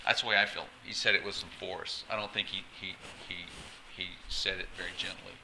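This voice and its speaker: A man's voice: low voice, level tone, a little fast, creaky, bright, forceful tone, rough recording. A man preaching a conversational sermon as a pastor, often stumbling over and repeating words with chatty asides.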